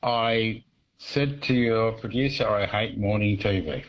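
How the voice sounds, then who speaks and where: A man's voice: lowish voice, measured pace. A man calling in to a radio show, blunt and opinionated, heard over a phone line. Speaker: radio caller. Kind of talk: phone-in chat.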